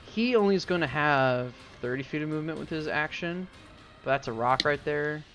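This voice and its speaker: A man's voice: on the high side, moderate pace. A man narrating a tabletop game as game master, rambling with lots of fillers. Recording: dull lo-fi stream mic with music.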